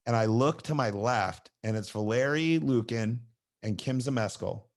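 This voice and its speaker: Male podcast host, mid-pitched, lively storyteller acting out quotes. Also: measured pace. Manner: animated storyteller who acts out quoted lines. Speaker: podcast host and gymnastics coach. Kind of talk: casual chat.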